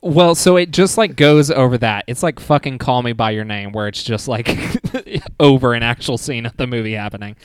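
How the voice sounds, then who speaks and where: A man's voice: mid-range voice, moderate pace, hardly any pauses, clean tone. A man co-hosting a movie podcast in casual chat, joking, swearing and laughing often. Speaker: podcast co-host.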